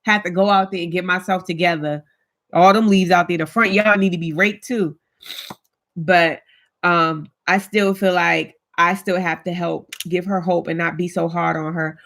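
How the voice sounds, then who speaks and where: A woman's voice: on the low side, fairly even intonation, moderate pace, fairly bright tone. A woman hosting a casual live-stream chat, talking straight to her viewers in a heartfelt, chatty way with African American Vernacular English speech.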